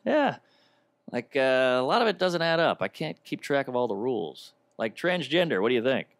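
A man's voice: medium pitch, very animated, moderate pace. A man performing a stand-up comedy set on stage into a handheld mic, with a wry, mock-offended delivery.

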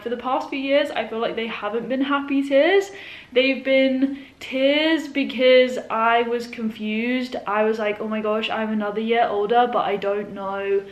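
Emotional young woman vlogging in an echoey room. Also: on the high side. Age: 20s. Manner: emotional, heartfelt, leans on "like" a lot. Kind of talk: reflective birthday vlog. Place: indoors at home.

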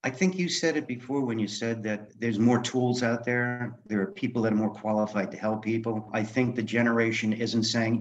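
A man's voice: mid-range voice, fairly even intonation, moderate pace, muffled recording. An older man, a guest author, telling candid stories from his life in a blunt, swearing way, laughing now and then. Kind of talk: storytelling interview.

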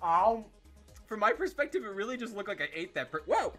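A young man giving playful gameplay commentary, excitable and laughing as he plays with a friend. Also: high-pitched, fast talker, soft background music. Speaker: gaming YouTuber.

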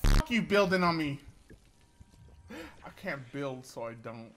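A woman's voice: sits low, sing-song, slow, crowd noise. A young woman giving casual commentary as she streams a game, swearing freely and laughing often. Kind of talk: casual live-stream commentary while gaming.

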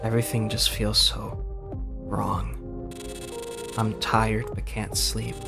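A man's voice: lowish voice, level tone, slow pace, vocal fry. A man reading the lines of a despairing, self-loathing character in a game, weary and bitter, with bursts of swearing. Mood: hollow. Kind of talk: reading game dialogue aloud. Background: game music.

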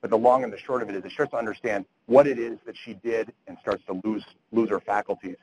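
A man's voice: fairly low pitch, fairly even intonation, quick pace, darkish tone, highs cut off. A middle-aged man lecturing physicians at grand rounds, earnest, quoting literature, with frequent restarts. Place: lecture hall.

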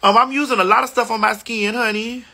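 Woman livestream host on a phone, high and bright, brassy and sassy, talking back to comments from a hotel room. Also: fairly even intonation, fast talker. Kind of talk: casual livestream chat.

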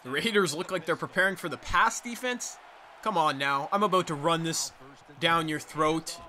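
A man giving excited, trash-talking commentary over his own football video game play. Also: a little high, moderate pace, faint music behind. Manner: hyped, trash-talking, sing-song exclamations. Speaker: gaming YouTuber.

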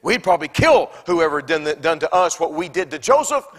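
A man with a Southern American accent preaching from the pulpit in a church. His voice sits a bit high for a man. He swings between ringing, emphatic declarations and soft, almost whispered asides. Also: big pitch swings, brisk. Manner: swings from loud preaching to hushed, near-whispered quotes. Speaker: pastor. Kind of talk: sermon. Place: church sanctuary.

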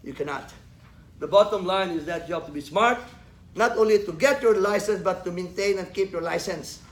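A man lecturing a class, quizzing students with questions and joking as he teaches. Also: sits high. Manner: joking, laughs at his own jokes. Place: lecture room. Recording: echoey classroom with faint noise.

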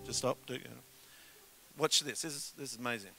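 A man preaching a sermon as a guest pastor in a church, animated and joking with the congregation. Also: mid-range voice, brisk, gravelly. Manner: animated, jokes with the congregation, acts out story voices. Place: church auditorium. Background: soft keyboard music.

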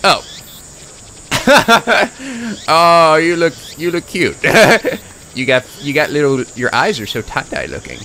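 A man's voice: a little high, very animated, slow pace, pushed and bright, slight background noise. A man hosting a let's play, rambling casually with frequent restarts and self-corrections. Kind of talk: gameplay commentary.

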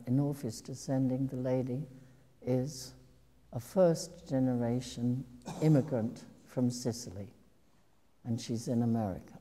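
An older actress tells a long, meandering story to a live audience. Her voice sits low and dark and the pace is unhurried. The sound carries the long reverb of a large hall. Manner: meandering, reflective storytelling with restarts. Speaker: actress telling stories to an audience. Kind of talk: anecdotal public talk.

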